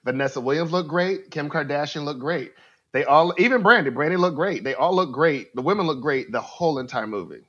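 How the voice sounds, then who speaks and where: A man guesting on a casual film podcast, with a fairly high, bright voice that jumps around in pitch. He teases his host playfully and laughs often. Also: animated, brisk, dull audio.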